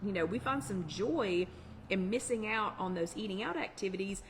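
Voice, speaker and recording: A woman hosting a live online workshop chat, talking fast in a chatty, encouraging way. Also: medium pitch, a little hiss or hum. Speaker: workshop host. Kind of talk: casual live-stream chat.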